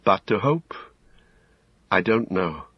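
A man reading, voicing a weary, grieving young noblewoman and warrior in a soft, lifted voice. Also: expressive, takes it slowly, breathy edge, no room sound, dull audio, heavily acted. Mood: grieving, resolute. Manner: soft, mournful, lifted pitch.

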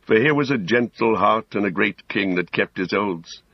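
Aragorn, a man doing a calm, kingly healer. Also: fairly low pitch, moderate pace, husky, no room sound, dull audio. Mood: solemn, kind. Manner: calm, solemn, reassuring. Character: gentle kingly male healer, calm and wise.

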